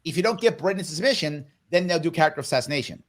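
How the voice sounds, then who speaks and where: This interview features a man as a political guest, talking very fast in a fairly high, animated voice. He presses his points in an emphatic, persuasive manner.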